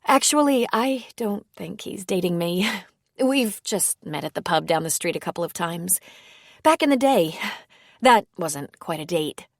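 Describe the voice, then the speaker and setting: Lady reading as a nervous woman who stammers, low gravelly voice, dry. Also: lively intonation, a little slow, no room sound. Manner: hesitant, stammering. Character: nervous, self-deprecating middle-aged woman.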